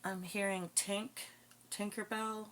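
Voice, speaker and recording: Slow, musing woman psychic. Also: medium pitch, flat delivery, fairly bright tone, a little hiss or hum. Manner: slow, musing, thinking aloud. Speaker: psychic card reader. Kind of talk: casual channeled reading.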